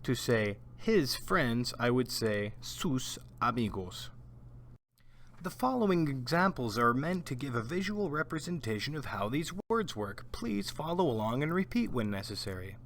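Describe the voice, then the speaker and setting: A man's voice: medium pitch, big pitch swings, measured pace, fairly bright tone, a little hiss or hum. A man teaching Spanish vocabulary in a scripted lesson, patiently repeating each word for learners to echo. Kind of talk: slow scripted language lesson.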